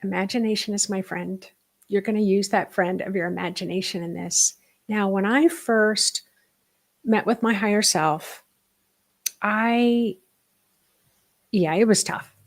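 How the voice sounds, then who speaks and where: A middle-aged woman leads a spiritual workshop over a live stream, her voice sitting at an ordinary middle pitch. She teaches in an animated, emphatic way, rushing through some phrases and stretching others into soft, hushed asides.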